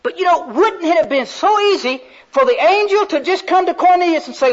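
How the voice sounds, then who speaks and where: High-voiced fervent male preacher. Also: expressive, a little fast, hardly any pauses. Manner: fervent, folksy storytelling. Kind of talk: sermon. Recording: slightly muffled recording.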